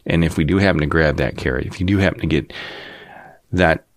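Channel host, man in his fifties, very low voice, dry close sound, cynical rambling monologue. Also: brisk, no room sound. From Cleveland, Ohio area. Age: 50s. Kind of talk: casual monologue rant.

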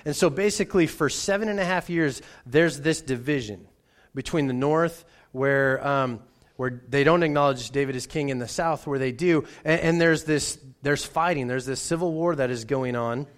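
A man's voice: medium pitch, normal speed. A man who is a pastor, preaching in a conversational way and often repeating words as he restarts. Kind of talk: sermon with a personal story.

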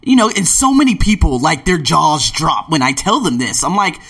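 A man's voice: on the high side, very animated, normal speed, creaky, a bit bright, breathy edge. A man in his late twenties telling travel stories in a casual vlog, acting out scenes with gasps and little voices. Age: late 20s. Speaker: vlogger.

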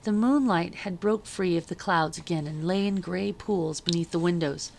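A woman, a teacher, reading a novel aloud in a measured, even storytelling manner. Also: on the low side, vocal fry, slight background noise.

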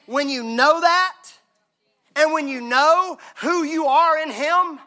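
A male pastor with a high-pitched, bright and forceful voice delivers a sermon. He preaches emphatically, dropping to hushed intimacy and then rising to shouts. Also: takes it slowly.

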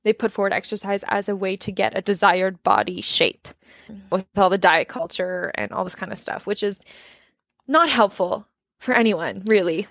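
A woman's voice: mid-range voice, vocal fry, dry recording. Earnest reflective young woman, dry sound. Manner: earnest, reflective, frequent "like" and "you know". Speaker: guest sharing her story. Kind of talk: casual faith conversation.

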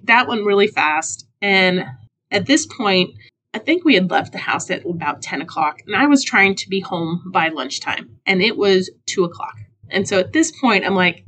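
A middle-aged woman hosting a podcast, telling a story in a casual, self-mocking way and jumping into high voices when she quotes people. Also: a bit bright. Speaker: podcast host.

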